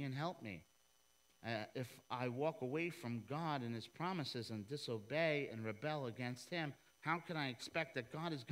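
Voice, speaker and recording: A middle-aged man, preaching a sermon and telling a story, acting out the dialogue with lively voices. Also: mid-range voice, low-quality recording. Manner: animated storytelling, acts out dialogue in a raised voice. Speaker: pastor.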